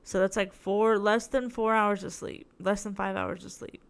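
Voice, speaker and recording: A woman's voice: medium pitch, fairly even intonation, normal speed, vocal fry. A young woman hosting her own podcast, telling a long story in a rambling, chatty way, tired and in tooth pain. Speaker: podcast host. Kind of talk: casual solo podcast chat.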